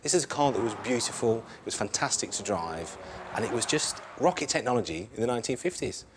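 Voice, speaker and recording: A man's voice: medium pitch, big pitch swings, brisk, noisy background. A man giving enthusiastic, emphatic expert comments in an interview. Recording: music bed under voice.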